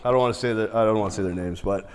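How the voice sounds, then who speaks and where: A man's voice: on the low side, very fast, clean tone, long reverb tail. A man, a podcast guest, telling stories in casual, profane chat, often laughing and acting out what others said. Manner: profane, laughs mid-story, acts out quotes.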